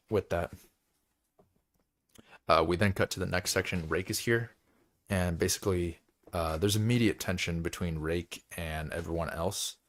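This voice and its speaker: A man's voice: low voice, creaky, a bit bright. A man hosting a book club, recapping chapters in a loose, rambling way, with lots of filler words and frequent laughs.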